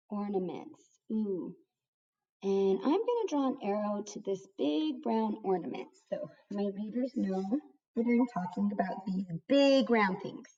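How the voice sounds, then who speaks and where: A young woman teaches a kindergarten writing lesson, sounding out words one syllable at a time. Her mid-range voice is a little mellow and picked up by a distant mic in a dull, lo-fi recording.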